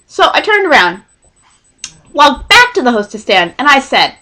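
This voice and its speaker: A young woman from Texas telling a storytime vlog, rambling and excitable, often cutting herself off mid-sentence. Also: high-pitched, normal speed, long pauses. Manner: rambling, self-interrupting, excitable. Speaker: vlogger.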